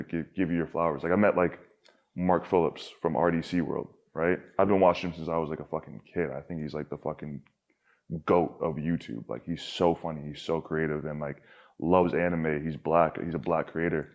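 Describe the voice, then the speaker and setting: A man's voice: rumbling low, fairly even intonation, brisk, lo-fi sound. A young man talking candidly as a podcast guest, rambling with lots of filler words and casual swearing.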